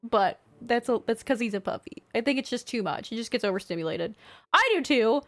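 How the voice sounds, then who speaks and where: A woman's voice: fairly high pitch, fairly quick. A young woman vlogging from her desk at home, chatting casually and telling stories with lots of swearing. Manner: chatty, swears often, animated storytelling. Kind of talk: casual chat.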